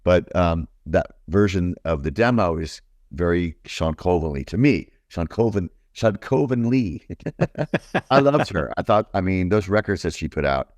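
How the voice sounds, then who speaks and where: A man from New York with a deep baritone voice talks about music as an interview guest. He rambles with lots of fillers and enthusiasm. The sound is dry and close. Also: expressive, unhurried, a little mellow, no echo. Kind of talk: casual interview chat.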